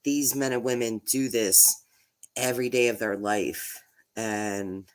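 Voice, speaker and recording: A woman, a true crime YouTuber, talking casually on a livestream, halting and repeating words, emotional and slightly nasal from holding back tears. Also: a bass voice, steady tone.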